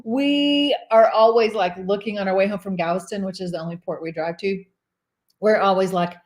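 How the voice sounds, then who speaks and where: A woman's voice: medium pitch, brisk, darkish tone. A middle-aged woman, co-hosting a cruise vlog live stream. She chats casually, laughs often and reads viewer comments aloud. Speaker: cruise vlogger co-host.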